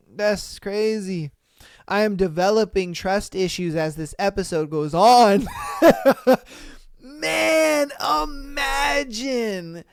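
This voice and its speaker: A male podcast host who reacts to stories in loose, slangy chatter and keeps calling his listeners bro. He talks at an unhurried pace, and his voice is smooth and clean. The sound is close and dry. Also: sits high, dry recording. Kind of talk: casual reaction commentary.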